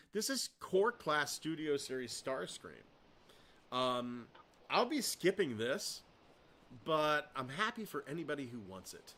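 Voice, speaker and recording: A man's voice: on the high side, animated, unhurried, fairly bright tone. A man hosting a casual podcast, reading viewer comments aloud with offhand, dry asides. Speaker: podcast host.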